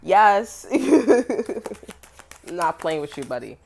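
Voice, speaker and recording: Low-voiced young woman, profane and emphatic. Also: lively intonation, brisk. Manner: profane, emphatic, rambling, laughs often. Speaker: tarot reader. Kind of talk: casual tarot reading rant to camera.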